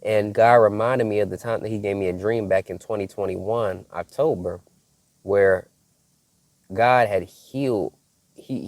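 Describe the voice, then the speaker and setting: A man with a low voice delivers a devotional message straight to his viewers. He preaches emphatically, circling back to the same phrases and asking "okay?" as he goes. The sound is dry and close. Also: a little mellow, no room sound. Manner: emphatic, repeats key phrases, checks in with "okay?". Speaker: prophetic preacher.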